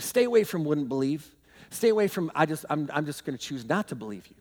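A man preaching a sermon as pastor, telling animated stories with bursts of shouting and laughter. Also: high-pitched. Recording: long hall reverb.

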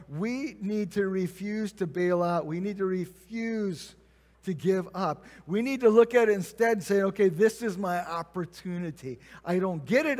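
A man's voice: high-pitched, a little mellow. A man preaching a conversational sermon, acting out quoted prayers and replies. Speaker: pastor. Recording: long reverb of a church hall.

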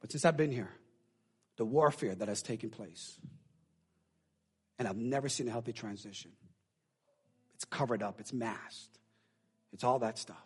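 Husky-voiced preaching pastor. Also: male voice, mid-range voice, normal speed, long pauses. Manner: emotional, swings from hushed confiding to loud preaching. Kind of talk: sermon. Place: church.

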